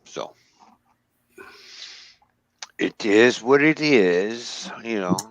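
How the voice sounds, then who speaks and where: A man's voice: lowish voice, lively intonation, drawn-out words, no echo, dull audio. A Canadian man hosting a casual live stream, telling a story and acting out both sides of the conversation. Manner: storytelling with laughs, acts out both sides of a dialogue. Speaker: stream host.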